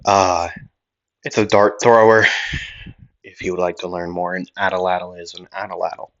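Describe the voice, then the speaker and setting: A man's voice: sits low, level tone, measured pace, fairly bright tone, muffled recording. A man casually narrating a fan-made anime story, rambling with many fillers and corrections. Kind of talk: casual story reading and chat.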